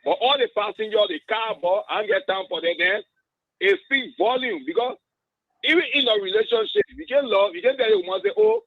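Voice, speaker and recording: A man's voice: high voice, sing-song, brisk, vocal fry, dry recording. A man calling in to a talk show, giving a preachy comment. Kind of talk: phone-in comment. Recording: tinny dry phone line.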